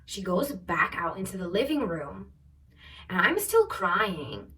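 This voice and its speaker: A young woman in her twenties tells a personal story for her vlog, lively and full of asides. Her voice sits a little low for a woman. The mic is set a bit away from her. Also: slow, distant mic. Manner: animated storytelling, quoting others in raised voices. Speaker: travel vlogger.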